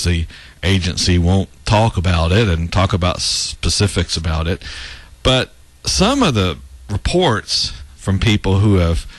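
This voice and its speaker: A radio talk show host offers casual political commentary, sarcastic in tone and laughing at his own remarks. He has a deep voice, and the recording is dry.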